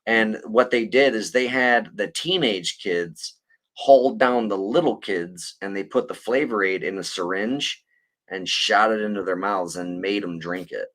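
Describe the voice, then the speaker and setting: A man's voice: lowish voice, unhurried, fairly bright tone. A man hosting a podcast, telling a story in a rambling, profane way. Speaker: podcast host. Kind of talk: casual chat.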